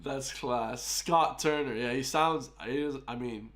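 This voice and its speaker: A man's voice: medium pitch, unhurried, fairly bright tone. A man with an Irish accent hosting a reaction video, chatting casually with wry asides. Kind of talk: casual commentary.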